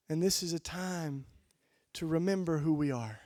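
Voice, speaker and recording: Male keynote preacher, slightly high and smooth voice, storyteller who swings from soft to forceful, dry close sound. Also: moderate pace, dry recording. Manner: storytelling, builds to loud emphatic peaks then drops low. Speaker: keynote speaker. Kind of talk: impassioned keynote sermon. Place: conference hall.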